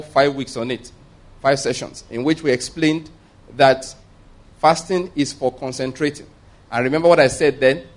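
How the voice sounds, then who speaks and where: A man preaching a sermon, emphatic and repeating his points, asking the congregation rhetorical questions. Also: a little high. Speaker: pastor.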